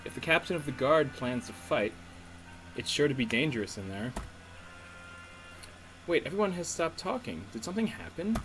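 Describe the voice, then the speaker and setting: A man's voice: fairly high pitch, sing-song, moderate pace, long pauses, fairly bright tone, rough recording. A man reading the lines of an earnest young woman heroine aloud in a game, in his own voice. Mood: curious. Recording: faint music underneath.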